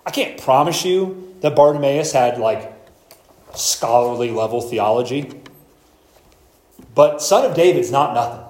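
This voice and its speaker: A pastor preaching an expository sermon, explaining scripture verse by verse and reading passages aloud slowly. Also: male voice, mid-range voice, expressive, a little mellow, reverberant, poor audio.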